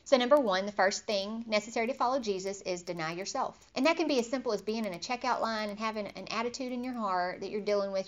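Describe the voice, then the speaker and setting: A woman's voice: fairly high pitch, fairly bright tone. Chatty woman teaching the Bible. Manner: chatty, acts out quoted inner thoughts, laughs easily.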